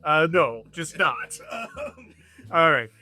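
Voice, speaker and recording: A man narrating as game master in a halting, filler-heavy way. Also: on the high side, lively intonation, sharp tone.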